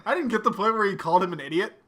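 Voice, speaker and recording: A man's voice: high-pitched, rapid-fire, sharp tone. A young man chatting casually about anime, blunt and opinionated, laughing often. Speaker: anime podcast co-host.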